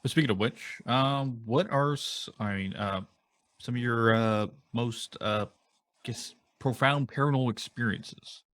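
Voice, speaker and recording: A man's voice: mid-range voice, a little slow, a bit bright, no echo. A man hosting a paranormal podcast panel, asking guests questions casually with some hesitation. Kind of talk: casual podcast roundtable chat.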